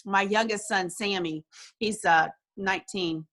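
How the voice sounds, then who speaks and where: A woman telling an emotional personal story over a video call, animated and acting out what people said. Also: mid-range voice, a little slow, rough recording. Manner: animated, acts out quoted dialogue, frequent restarts. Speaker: guest sharing a success story.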